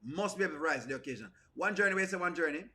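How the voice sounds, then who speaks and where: A man's voice: fairly high pitch, animated, rapid-fire, bright, forceful tone. A Jamaican man giving playful, teasing reaction commentary, now and then breaking into song. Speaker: reaction video host.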